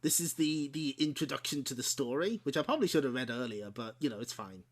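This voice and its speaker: A man at medium pitch talks at a quick pace while hosting a game stream. He laughs a lot and chats casually about the old game discs he's showing, giggling and correcting himself along the way.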